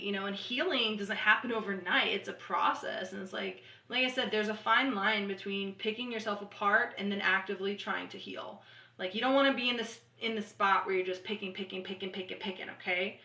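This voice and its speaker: A woman talking casually to camera about spiritual healing, earnest and rambling, swearing freely and repeating soft affirmations. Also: mid-range voice, moderate pace. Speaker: spiritual channeler and vlogger. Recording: echoey room.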